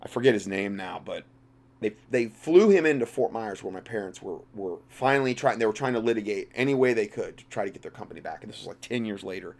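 A man's voice: fairly low pitch, expressive, fast talker, vocal fry. A man hosting a talk show, giving an impassioned, rambling commentary full of restarts. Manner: impassioned, rambling, with frequent restarts and big swings in loudness. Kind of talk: religious political commentary monologue.

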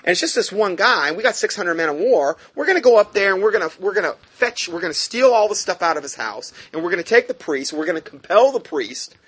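A man voicing brash warriors, boastful, pushy, fast, loud. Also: sits high, expressive, slightly rough, heavily acted. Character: brash raiding warriors plotting a theft.

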